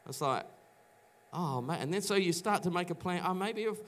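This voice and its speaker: Man, middle-aged, from New Zealand, pastor, church sermon, chatty testimony, slightly higher voice. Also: expressive, a little fast. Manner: conversational storytelling, many restarts, acts out quoted voices. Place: church auditorium.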